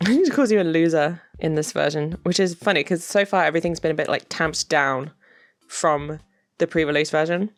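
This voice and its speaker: A woman's voice: sits low, moderate pace, no echo. A woman giving chatty commentary on game dialogue, laughing often and adding wry asides. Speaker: video creator.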